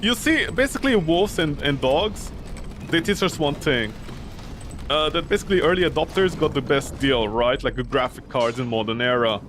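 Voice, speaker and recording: A man's voice: on the high side, lively intonation, normal speed, slight background noise. A young man streaming a video game, chatting casually and rambling through silly jokes and tangents. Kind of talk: casual gameplay commentary. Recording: loud game sound behind.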